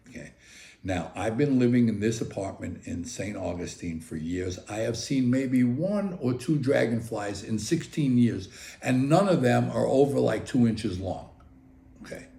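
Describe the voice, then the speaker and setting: An older man casually telling a personal story in a chatty, animated way, often checking in with "okay?". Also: on the low side, vocal fry. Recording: roomy echo.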